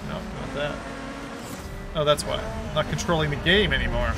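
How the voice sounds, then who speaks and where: A man streaming a VR racing game, talking casually, excitable and swearing freely. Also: fairly high pitch, moderate pace, noisy background. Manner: excitable, swearing, laughing a lot. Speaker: VR gaming streamer. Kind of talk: casual live-stream commentary.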